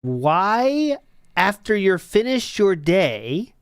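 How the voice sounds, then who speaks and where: A man with a slightly high, resonant, sing-song voice hosts a casual stream, reading viewer messages very slowly and clearly while needling his co-host with dry sarcasm. His voice sounds close and dry, with no room echo.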